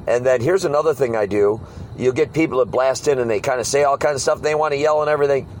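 Animated man telling street-preaching stories. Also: medium pitch, fast talker, a little hiss or hum, poor audio. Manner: animated storyteller, mimics hecklers. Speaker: street preacher leading a discussion. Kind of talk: casual group talk with acted-out quotes.

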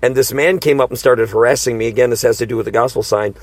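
A man's voice: medium pitch, fairly even intonation, fast talker, no room sound. Man in casual Bible talk, dry sound. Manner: storytelling, acts out quoted voices. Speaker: street preacher.

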